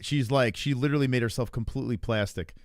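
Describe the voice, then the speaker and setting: A man's voice: mid-range voice, quick pace, no echo, studio quality. A man hosting a livestream, chatting casually and profanely as he reacts to clips. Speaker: stream host.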